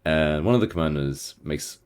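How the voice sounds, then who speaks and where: Deep-voiced man chatting about books. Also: normal speed, clean tone. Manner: animated storyteller, laughs, mimics voices. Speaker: podcast co-host. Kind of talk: casual chat about books.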